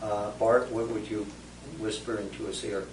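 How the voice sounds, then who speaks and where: A man's voice: on the low side, little pitch movement, normal speed. A man moderating a focus group, posing questions and calling on people by name, heard from a distance in a roomy space. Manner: poses questions, then calls on people by name. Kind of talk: guiding a group discussion. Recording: roomy distant recording with faint noise.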